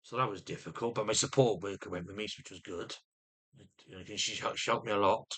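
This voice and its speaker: A man's voice: on the low side, fairly even intonation, fairly quick, a bit bright, slightly rough. A man venting to camera in an agitated monologue, often restarting and repeating his words. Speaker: vlogger.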